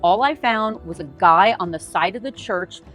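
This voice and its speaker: A middle-aged American woman tells a story to her camera, casual and lively, full of "like" and acted-out asides. Her voice sits at an ordinary pitch, with soft music in the background. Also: moderate pace. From United States. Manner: animated, acts out her own quoted lines with lots of "like". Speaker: vlogger.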